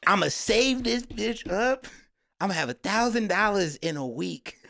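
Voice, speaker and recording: A man co-hosting a podcast, telling stories in a rambling, animated casual chat. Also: sits high, measured pace, creaky. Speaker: podcast co-host.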